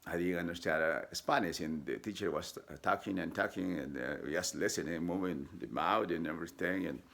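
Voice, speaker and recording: A man with a deep, gravelly voice tells his own story in a personal storytelling style. He talks haltingly, with frequent fillers and restarts. He jumps into high, lively voices when he quotes other people. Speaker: vlogger telling his life story.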